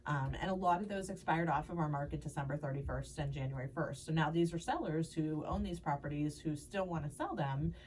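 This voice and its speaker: A woman's voice: sits low, darkish tone. Chatty woman radio host with a head cold. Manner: chatty and upbeat, quick to laugh. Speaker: radio show host and real estate agent. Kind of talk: casual radio chat. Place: radio studio. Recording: distant mic with faint noise.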